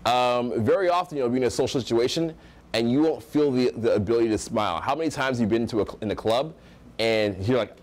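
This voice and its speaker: A man's voice: medium pitch, fast, a little mellow. A young American man teaching social skills at a live seminar, projecting his voice with energy and acting out example voices. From United States.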